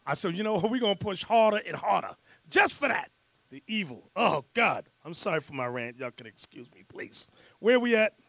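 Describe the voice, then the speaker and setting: A man leading a scripture class as bishop, preaching fiery and loud, breaking into rants and shouts. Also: high voice, sing-song, moderate pace, gravelly, no room sound. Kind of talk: sermon with rant and teaching.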